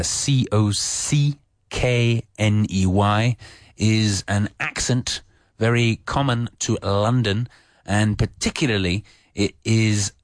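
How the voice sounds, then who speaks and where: A man's voice: on the low side, no room sound, clean studio sound. A man teaching English on the radio, talking off the cuff with many fillers and restarts. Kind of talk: unscripted radio English lesson.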